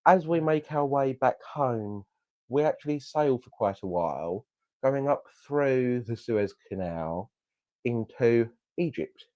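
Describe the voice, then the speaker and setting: A man's voice: medium pitch, animated, slow, darkish tone, dry recording. A young man improvising a comedic travel story as co-host, playful and laughing often. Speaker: podcast co-host.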